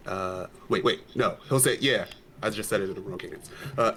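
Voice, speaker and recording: A man's voice: fairly low pitch, a bit bright, slight background noise, poor audio. A man playing a tabletop role-playing game, talking casually and thoughtfully about his character's actions. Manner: slow, thoughtful, with chuckles. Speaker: player.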